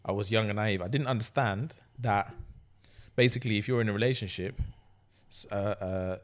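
A young adult man co-hosting a podcast tells a story in casual chat, acting out quotes and swearing freely. His voice is on the low side, at a normal speed.

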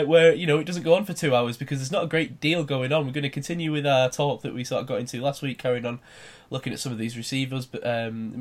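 Laid-back podcast host. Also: male voice, medium pitch. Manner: laid-back, laughs easily, hesitant fillers. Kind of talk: casual chat.

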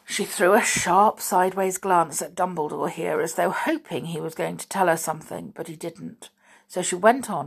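A woman narrating a storybook aloud in a soft, breathy manner that often drops to a whisper. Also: fairly low pitch, moderate pace. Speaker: storybook reader. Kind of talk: slow audiobook narration.

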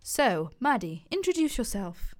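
A woman's voice: a little high, big pitch swings, a little slow, soft background music. A young woman hosting a casual podcast, chatty and teasing with her guest. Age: young adult. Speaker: podcast host.

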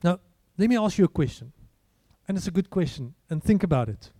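Speaking briskly with lively intonation, a pastor preaches in a high, strikingly mellow voice. He keeps his sermon easygoing and conversational, frequently quizzing his congregation. The recording is close and dry.

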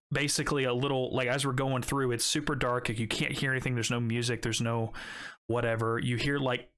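A man's voice: medium pitch, a bit bright. A young man casually telling a story, swearing often and rambling with many fillers. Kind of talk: casual chat.

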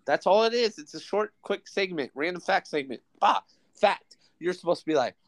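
A man's voice: a little high, animated, moderate pace, no room sound. A young man hosting a podcast in casual chat, joking and teasing with plenty of swearing. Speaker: podcast host.

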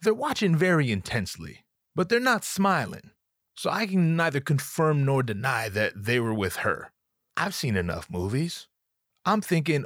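A man's voice: mid-range voice, big pitch swings, moderate pace, a bit bright, dry recording, clean studio sound. A young adult man, a comedian, telling a comedic story with stammering restarts, acting out other people's voices.

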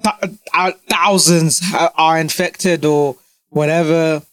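A man's voice: on the high side, fairly even intonation, slow, fairly bright tone, clear, resonant tone, no room sound. Blunt young man ranting casually. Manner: blunt, profane, ranting with frequent restarts. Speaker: vlogger. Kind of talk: casual monologue to camera.

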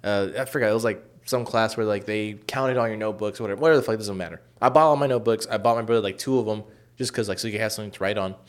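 A young man in casual chat, telling a long story with many fillers and profanity, acting out quoted lines loudly. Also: fairly low pitch, racing.

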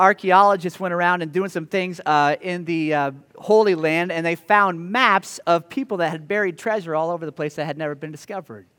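A male pastor preaching a sermon, telling the story with lively, playful asides to the congregation. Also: high voice, in a large hall. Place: church sanctuary.

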